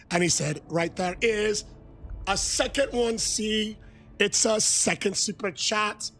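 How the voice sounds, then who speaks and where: Rowdy high-voiced gravelly streamer man. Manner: rowdy, shouting hype with countdown toasts. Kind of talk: livestream chat, reading and toasting super chats.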